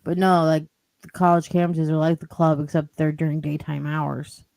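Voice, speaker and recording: A woman's voice: low-pitched, level tone, moderate pace, gravelly, darkish tone, no echo. A woman telling a rambling story as a podcast guest, with lots of "like" and "you know". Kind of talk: casual storytelling.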